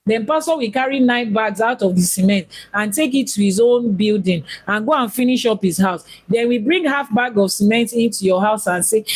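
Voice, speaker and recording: Husky-voiced woman teaching about faith. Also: fairly high pitch, normal speed, few pauses, rough recording. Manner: questioning, rhetorical, repeats points for emphasis. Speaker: Ifá priestess and teacher. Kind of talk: teaching talk on religion.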